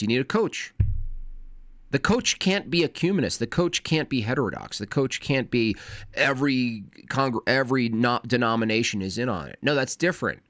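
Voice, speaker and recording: A man on a casual livestream, talking fast and wordily with frequent restarts. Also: medium pitch, a bit bright, dry recording. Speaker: streamer.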